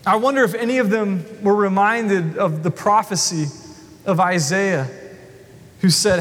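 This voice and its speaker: Male pastor, high voice, animated, self-deprecating sermon, long hall reverb. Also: unhurried. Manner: animated, self-deprecating, acts out the people he talks about.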